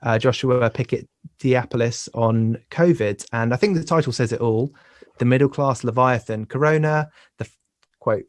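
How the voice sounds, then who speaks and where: Man, podcast host, halting delivery, frequent word repeats, mid pitch, dry recording. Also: no room sound. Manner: halting, repeats words often. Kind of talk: conversational podcast interviewing.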